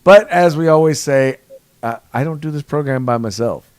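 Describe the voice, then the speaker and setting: A man's voice: a little high, normal speed, a little mellow, no echo. A man hosting a casual political podcast from his studio, mixing sarcastic jokes with news commentary. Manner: jokey, sarcastic asides. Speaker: host. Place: home studio.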